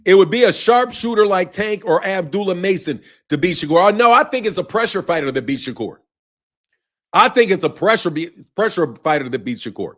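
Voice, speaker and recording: Animated, high-voiced man chatting on a live stream. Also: fairly quick. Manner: animated and rambling, laughs often, swears freely. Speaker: boxing channel host reading live chat. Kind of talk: casual live-stream chat.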